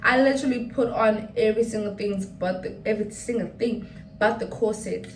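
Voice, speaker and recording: A young woman chatting excitedly and rambling to her viewers in a casual vlog. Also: medium pitch, fairly quick. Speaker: vlogger. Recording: roomy, distant mic, noisy background.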